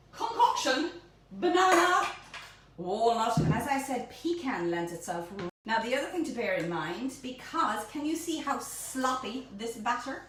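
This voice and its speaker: A woman hosting her own baking show, chatting playfully through a recipe and often tripping over her words. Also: sits high. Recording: very echoey room, mic at a distance, faint noise.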